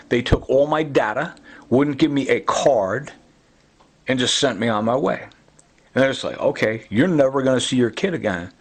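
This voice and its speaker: A middle-aged man giving a rambling, agitated personal testimony, full of fillers and repeats. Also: mid-range voice. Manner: agitated, repetitive, many fillers. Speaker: self-recorded complainant.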